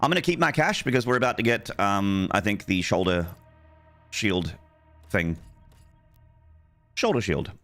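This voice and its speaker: A man in his forties chatting casually with his chat room while streaming a game, joking crudely and shouting out in excitement. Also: on the low side, unhurried, long pauses, soft background music. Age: 40s.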